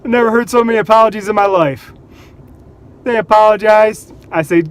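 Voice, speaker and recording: A man vlogging, telling casual stories in an animated way, laughing between anecdotes and acting out what people said. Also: high-pitched, moderate pace. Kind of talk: casual storytelling.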